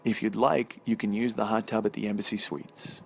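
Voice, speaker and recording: A man's voice: fairly low pitch, moderate pace, gravelly, a little hiss or hum. A man hosting a comedy podcast, telling a long profane story alone and acting out every voice in it. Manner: profane, animated, acts out both sides of the dialogue. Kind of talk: solo storytelling monologue.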